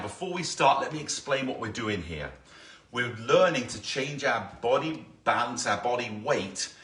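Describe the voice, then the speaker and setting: A man's voice: medium pitch, fairly bright tone. A man leading a live-streamed balance workout, counting reps aloud and giving step-by-step coaching. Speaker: balance fitness instructor. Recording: echoey room, voice from a distance.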